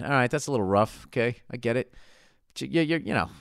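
A man's voice: medium pitch, normal speed, fairly bright tone, clean tone, no echo, clean studio sound. A man hosting a podcast, reading an ad and listener mail in a profane, rambling, sarcastic way. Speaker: podcast host. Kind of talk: casual comedic rant and ad read.

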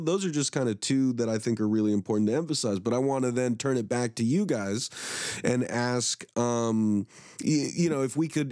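A man hosting an interview in casual talk, hoarse and losing his voice, rambling with many restarts and clearing his throat. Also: mid-range voice, darkish tone, dry recording, clean studio sound. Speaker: podcast host.

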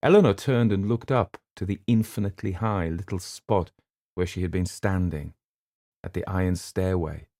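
The narrator is a man reading a novel for an audiobook, his low-pitched voice steady and measured as he tells the story from a script. There's no echo, and the audio is studio quality.

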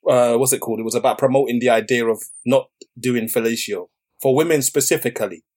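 A man co-hosting a casual podcast, animated and swearing freely, sometimes slipping into a mock-solemn recitation. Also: medium pitch, fast talker. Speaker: podcast co-host.

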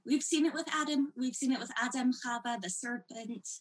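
In this low-quality recording of a lecture, a woman teacher with a high-pitched, brisk voice reads passages aloud. She leans on key words with dramatic emphasis.

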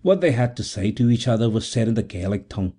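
A man reading a story aloud in measured, even narration. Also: on the low side. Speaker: audiobook narrator. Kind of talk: scripted narration.

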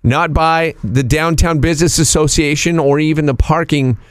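A man's voice: fairly high pitch, steady tone, moderate pace, clean tone, no echo. Teasing male radio host telling a story. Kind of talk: casual storytelling chat.

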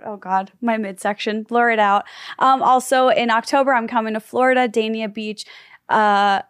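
Hoarse woman podcast co-host, dry sound. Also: on the high side, steady tone, moderate pace, dry recording. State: hoarse from a cold. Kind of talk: casual chat.

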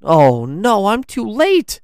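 A mischievous little elf boy, high strained voice, storybook read. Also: normal speed, clear, resonant tone, no room sound, studio quality. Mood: alarmed. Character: young male elf, naughty but remorseful.

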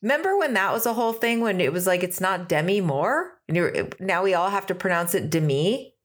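A woman's voice: fairly low pitch, brisk. Teasing woman on a podcast, really bouncy sing-song voice. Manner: lively, teasing. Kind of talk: casual chat.

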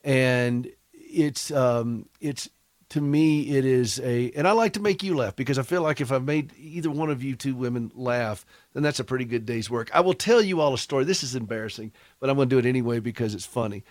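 A man's voice: medium pitch, brisk, dry recording. Folksy male talk host. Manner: folksy and joking. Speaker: radio talk show host. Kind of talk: warm humorous talk-show chat.

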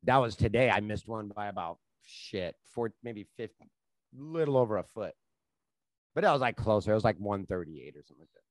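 A man telling loose, profane stories in casual chat, getting loud and laughing as he goes. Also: on the low side, a little fast, dry recording. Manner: profane, animated storyteller, laughs at his own stories.

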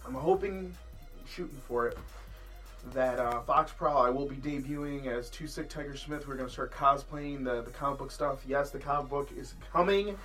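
A man hosting a casual podcast chat, swearing freely and laughing as he tells animated stories. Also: mid-range voice, moderate pace, faint music behind. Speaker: podcast host.

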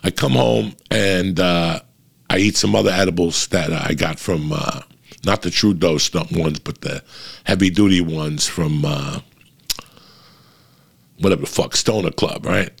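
Male podcast host, low gravelly voice, rambling and foul-mouthed. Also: unhurried. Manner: rambling, swears constantly. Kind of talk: casual profane storytelling.

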